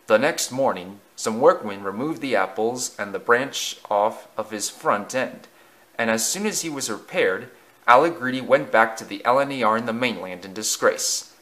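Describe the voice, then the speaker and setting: A man narrating a children's railway story in a lively, expressive reading. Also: on the low side, normal speed.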